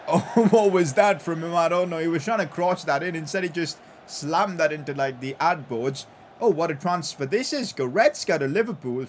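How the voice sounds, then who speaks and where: A young man giving live commentary over his football video game session, excitable and breaking into loud cheers at the goals. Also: fairly high pitch, slight background noise. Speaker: gaming YouTuber.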